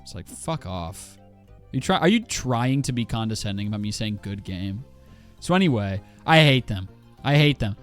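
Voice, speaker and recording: A man's voice: medium pitch, lively intonation, moderate pace, soft background music. A man in his twenties ranting casually on a livestream while he plays a game, swearing a lot and full of fillers and restarts. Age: 20s.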